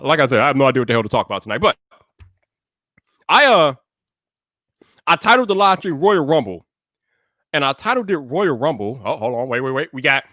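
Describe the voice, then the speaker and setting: A man hosting a tech live stream in casual chat, hyping it up playfully and shouting greetings to his chat. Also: fairly high pitch, dry recording, studio quality.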